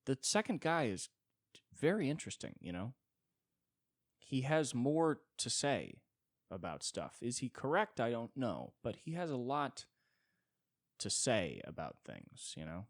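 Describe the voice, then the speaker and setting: A man's voice: mid-range voice, big pitch swings, unhurried, pauses often, dry recording, studio quality. A man hosting a solo podcast and riffing comedically, rambling with frequent "you know" fillers. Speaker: podcast host.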